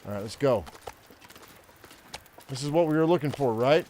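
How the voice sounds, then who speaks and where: A man's voice: mid-range voice, animated, moderate pace, warm tone, a little hiss or hum. An older man giving casual, profane gameplay commentary, ranting and rambling with frequent restarts. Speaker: gaming streamer.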